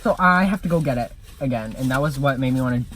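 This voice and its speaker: Low-voiced brash teen girl. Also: fast talker, a little hiss or hum. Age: teens. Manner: brash, laughing, trash-talking. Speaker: vlog co-host. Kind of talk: casual chat. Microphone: car camera.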